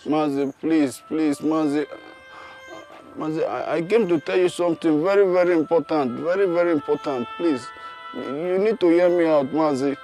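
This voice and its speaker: A man's voice: a little high, moderate pace, dark tone, soft background music, close to an everyday voice. An actor with a Nigerian English accent playing a stammering young man who pleads and complains. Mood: pleading.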